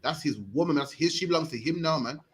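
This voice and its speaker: A man's voice: on the high side, quick pace. A British man in his thirties preaching in the street, emphatic, tagging "man" onto his sentences. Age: 30s. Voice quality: emphatic, repeats "man" at line ends.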